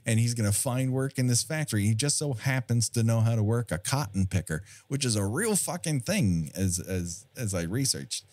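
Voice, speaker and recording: A man's voice: mid-range voice, expressive, moderate pace, few pauses, darkish tone, no room sound. A man co-hosting a podcast in casual film chat, joking and laughing often. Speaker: podcast co-host.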